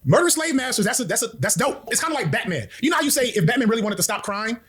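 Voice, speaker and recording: Quick slangy commentary guy, husky, voice bounces way up and down. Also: very high voice. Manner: animated, slangy, ranks and jokes. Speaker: video commentator. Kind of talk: fast opinionated video commentary.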